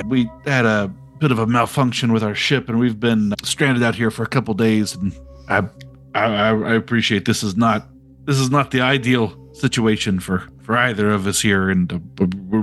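A man playing a tabletop game in character, stammering and repeating words as he apologizes. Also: on the low side. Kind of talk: in-character tabletop role-play.

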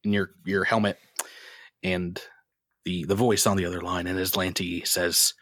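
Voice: low voice, little pitch movement, moderate pace, a bit bright, dry recording, clean studio sound. A game master narrating a tabletop role-playing game in a playful, amused way.

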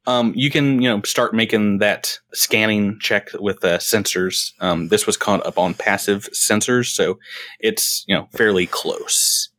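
A man narrating as game master in a tabletop role-play, relaxed and rambling. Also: fairly low pitch, a little slow. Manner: relaxed, rambling with fillers and restarts.

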